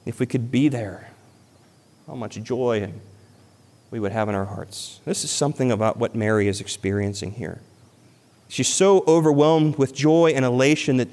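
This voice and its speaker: A man's voice: mid-range voice, moderate pace, a little mellow. Male pastor, sermon, earnest, emphatic peaks, long hall echo.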